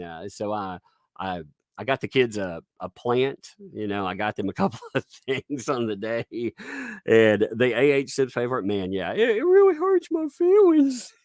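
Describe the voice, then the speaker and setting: A man's voice: mid-range voice, fairly bright tone, no echo, studio quality. A man hosting a livestream commentary, mocking and laughing often as he talks. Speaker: YouTube commentator.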